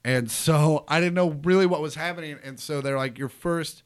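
Man telling a lively story. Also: fairly high pitch, normal speed, clean tone. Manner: animated, acts out quotes loudly. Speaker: comedian guest. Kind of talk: casual storytelling.

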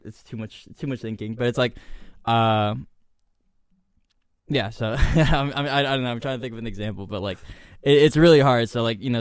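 A man's voice: fairly low pitch, smooth, no room sound, clean studio sound. A young man in his twenties from Argentina, a podcast guest chatting casually, rambling and searching for words with lots of "like". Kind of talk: casual chat.

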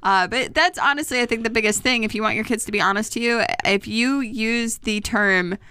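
A woman in her thirties, co-hosting a casual parenting chat, chatty and quick to laugh. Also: on the high side, pushed and bright, clear, resonant tone, no echo. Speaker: podcast co-host.

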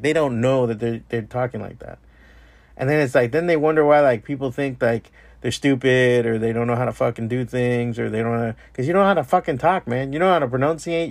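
A man's voice: mid-range voice, dry recording. A man hosting a solo podcast, delivering a profane, exasperated rant. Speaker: podcast host. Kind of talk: ranting solo podcast monologue.

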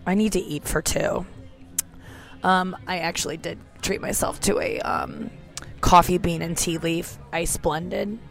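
A woman's voice: fairly low pitch, steady tone, measured pace, gravelly. A woman in her thirties with a sore throat, hosting a casual, candid solo podcast from an airport gate. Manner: chatty, candid and self-mocking, swears freely. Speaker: podcast host. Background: music playing faintly.

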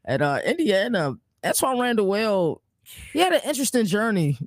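A man co-hosting a sports podcast, laying out his picks in a measured way with facts and stats. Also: high voice, big pitch swings, no echo, clean studio sound. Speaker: podcast co-host. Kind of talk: casual sports chat.

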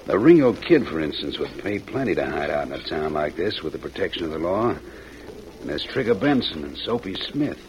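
A sly, scheming outlaw. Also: male voice, sits low, big pitch swings, normal speed, background noise. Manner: smooth, coaxing plotting. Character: scheming scarred male outlaw, sly and persuasive. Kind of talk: 1940s radio acting. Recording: dull old radio recording.

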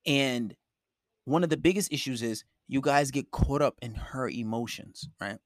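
A man's voice: medium pitch, normal speed, no echo. A man giving blunt, profane relationship advice in a lecturing monologue.

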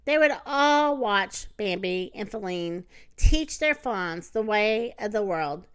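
Bright clear woman reading a storybook. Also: mid-range voice, lively intonation, slow, no echo. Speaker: narrator. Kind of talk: storybook read-aloud.

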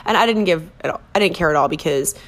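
A woman's voice: deep voice, quick pace. A woman from Minnesota hosting her own podcast, chatting casually in a rambling, self-deprecating way. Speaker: podcast host. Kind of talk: casual chat.

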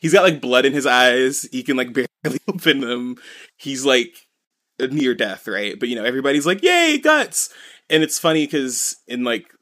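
A man's voice: medium pitch, normal speed, fairly bright tone. A man co-hosting a podcast, recapping a comic in casual chat, rambling and full of "you know" and "like". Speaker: podcast co-host.

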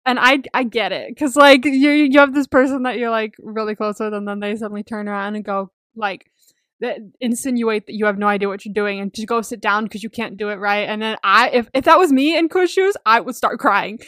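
A woman's voice: fairly high pitch, a little fast, a bit bright, no echo, studio quality. A young woman co-hosting a podcast in casual chat, talkative, laughing often and swearing freely. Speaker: podcast co-host.

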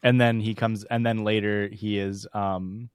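A man's voice: fairly low pitch, little pitch movement, measured pace, clear, resonant tone, no echo, studio quality. A man co-hosting a podcast, trading jokes and laughing often in casual banter. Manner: joking, riffing, laughs often. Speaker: podcast co-host.

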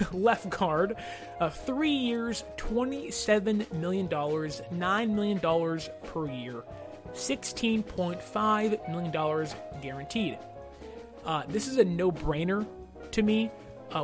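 A man hosting a casual sports talk show, giving strong opinions while often hedging and thinking aloud. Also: sits high. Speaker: sports podcast host.

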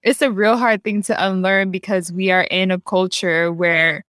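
A woman's voice: mid-range voice, steady tone, normal speed, fairly bright tone, clean tone, no room sound, studio quality. A woman hosting a podcast who talks in a casual, reflective way and calls her guest "girl.". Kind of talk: casual conversational chat.

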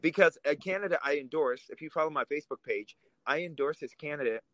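A man's voice: fairly high pitch, fast, fairly bright tone, dry recording, low-quality recording. Heated man. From Russia. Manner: heated, emphatic, swears when angry. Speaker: podcast co-host. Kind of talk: political podcast talk.

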